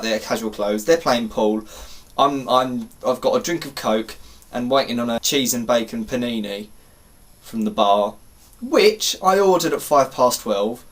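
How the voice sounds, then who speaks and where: A young man vlogging, telling a story to camera in an animated, exasperated way and swearing casually. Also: medium pitch.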